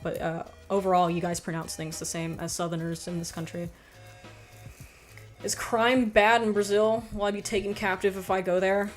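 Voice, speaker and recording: A young American woman livestreaming in a casual chat, rambling and animated, swearing often and reading out viewer comments. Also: mid-range voice, moderate pace, faint music behind. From United States.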